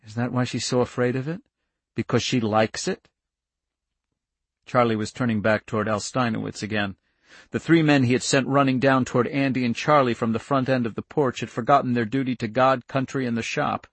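A man's voice: medium pitch, steady tone, a little fast, no echo. A man narrating an audiobook in a tense, dramatic storytelling manner, close on the microphone.

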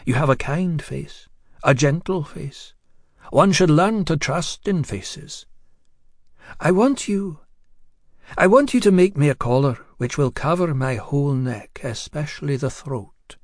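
A man voicing a hushed, secretive young lady. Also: fairly high pitch, lively intonation, measured pace, no echo, clean studio sound. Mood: pleading. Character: anxious young upper-class lady, secretive and pleading.

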